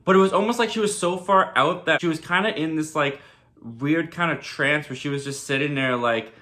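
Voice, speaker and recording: Man TV reviewer, casual recap, chatty filler words, brightish and a bit high. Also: a little fast. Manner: chatty, heavy with "like" and "kinda".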